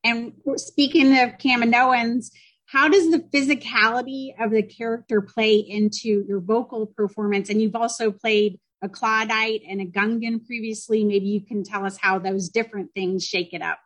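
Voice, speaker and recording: Eager, slightly high-voiced woman podcaster. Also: steady tone, moderate pace, a bit bright, low-quality recording. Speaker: podcaster asking a panel question. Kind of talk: asking a panel question.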